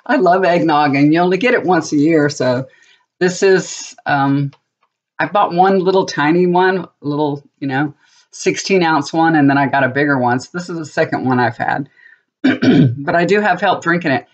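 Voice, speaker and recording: A woman's voice: deep voice, moderate pace. A middle-aged woman and tarot reader chatting casually to viewers, rambling and laughing often. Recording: slightly dull lo-fi audio.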